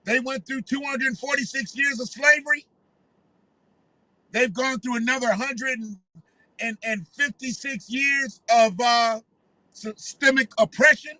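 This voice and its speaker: A man's voice: extremely high pitch, fairly even intonation, takes it slowly, bright, forceful tone, no room sound, low-quality recording. A man giving heated, profane commentary in a ranting, conversational way.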